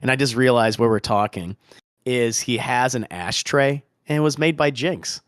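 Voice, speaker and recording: A man hosting a podcast, chatting excitedly about a show and retelling scenes with lots of restarts and casual swearing. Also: medium pitch, normal speed, no room sound, clean studio sound. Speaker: podcast host. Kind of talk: casual podcast review chat.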